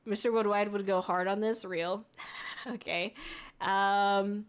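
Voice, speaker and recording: A woman's voice: mid-range voice, steady tone, unhurried, clear, resonant tone. A woman VTuber streamer chatting casually on a livestream, reading viewer messages aloud, giggling often and swearing freely.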